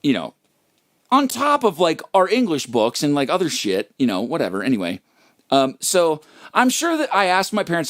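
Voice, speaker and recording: A man tells a self-mocking story to his livestream viewers, swearing freely as he goes. His voice sits a little high and swings widely in pitch. The sound is dry and close, with no room echo. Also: huge pitch swings, normal speed, fairly bright tone. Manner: rambling, profane, self-mocking. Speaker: livestream host and musician. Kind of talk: casual comic storytelling.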